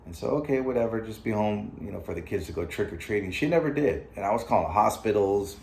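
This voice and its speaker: A man's voice: lowish voice, expressive, fast, creaky, a little mellow, a little hiss or hum. A middle-aged man hosting his own vlog, telling a personal story in a loose, conversational way with many fillers and asides. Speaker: vlog host. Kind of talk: casual storytelling to camera.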